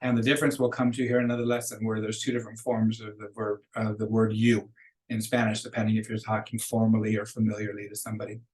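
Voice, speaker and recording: A man teaching a beginning Spanish lesson, patiently explaining rules and modeling each word slowly before repeating it. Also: fairly low pitch, completely flat delivery, darkish tone, poor audio. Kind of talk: recorded classroom lecture.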